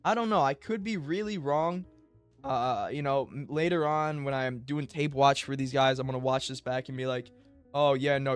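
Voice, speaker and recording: A man's voice: medium pitch, clear, resonant tone. A young man giving a casual, rambling solo recap of fights, full of filler words. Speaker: MMA commentary YouTuber.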